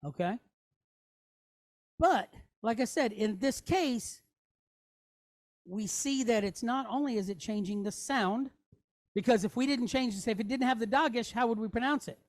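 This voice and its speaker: This is a Hebrew lesson in a classroom, taught by a woman whose voice is fairly high and a little mellow. Patient in her explanations, she sounds out letters and syllables slowly and checks in often with "okay?" and "right?"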